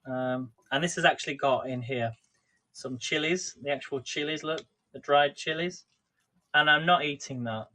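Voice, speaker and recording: Brief: male livestream host, slightly higher voice, rambling friendly cooking chat into a phone. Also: normal speed, sharp tone. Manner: rambling, chatty, addresses viewers by name. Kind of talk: casual live cooking chat.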